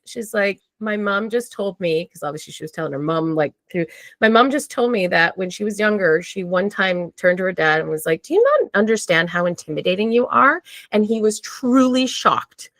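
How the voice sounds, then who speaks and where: Woman, chatty podcast storyteller, lively swooping delivery, dead-dry sound. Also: mid-range voice, a little fast, no room sound. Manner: animated, acts out quotes, frequent "like". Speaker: podcast conversation partner. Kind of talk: casual storytelling chat.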